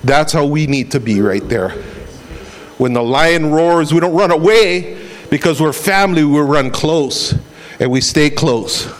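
Man, middle-aged, sermon, conversational, a bit high-pitched. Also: expressive, a little slow. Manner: conversational preaching with acted-out quotes. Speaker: pastor.

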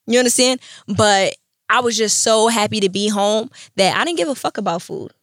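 A young woman telling her story as a podcast guest, animated and profane, acting out quotes in street slang. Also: mid-range voice, normal speed, no room sound, clean studio sound. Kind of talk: candid storytelling interview.

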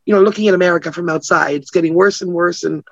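Speaking fast in a lowish voice, this Canadian woman is a publicist being interviewed as a guest; she's animated, laughs a lot and performs the voices of people she quotes. The sound is dry and a little muffled.

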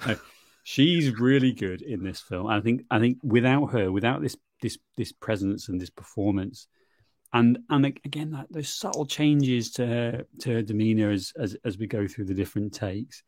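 A man co-hosting a podcast, chatting casually about a film, halting and restarting as he thinks aloud. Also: on the low side, darkish tone, dry recording, clean studio sound. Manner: halting, restarts often, laughs along. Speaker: podcast co-host. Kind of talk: casual film-review chat.

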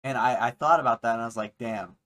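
A man's voice: mid-range voice, rapid-fire, bright, forceful tone. A man co-hosting a casual podcast. He rambles through stories, trails off and restarts, and laughs often. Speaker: podcast co-host. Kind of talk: casual chat.

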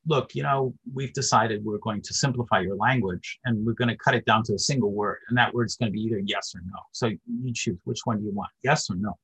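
A brisk, businesslike angel, put on by a lecturer who sets out an offer. The voice is quick, low-key and very husky. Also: male voice, a bit bright, low-quality recording. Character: matter-of-fact male angel making an offer.

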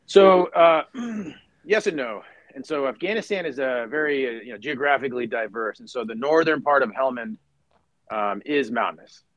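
A man's voice: mid-range voice, moderate pace, dry recording, highs cut off. A man in his forties, a former Marine officer, telling stories in a casual interview and acting out the voices of people in them. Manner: animated storyteller who acts out voices in anecdotes.

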